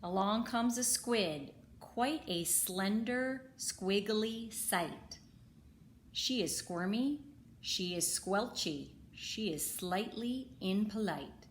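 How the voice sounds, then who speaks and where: A woman reads a rhyming children's book aloud, slow and rhythmic. Her voice sits at a middle pitch. Faint noise hums behind her. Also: animated. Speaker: storybook reader.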